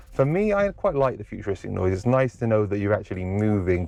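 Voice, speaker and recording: A man's voice: lowish voice, darkish tone, no room sound. A man reviewing a car from inside it, talking enthusiastically and full of praise. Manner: gushing, superlative-heavy.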